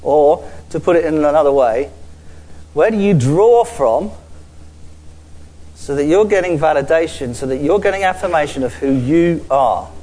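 A man preaching a sermon to a church audience, earnest and halting, restarting and repeating words, and slowing down to stress key phrases. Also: fairly high pitch, animated, warm tone, poor audio. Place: church gathering with a screen before an audience.

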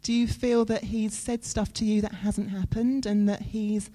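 A woman preaches in a warm, mellow voice. She talks to her listeners in an earnest, conversational way and leans on dramatic pauses. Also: medium pitch, level tone. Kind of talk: sermon.

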